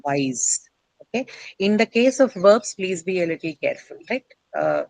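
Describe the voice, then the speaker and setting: A woman's voice: on the low side, dry recording, rough recording. A middle-aged woman teacher lecturing a class, explaining step by step and quizzing her students as she goes.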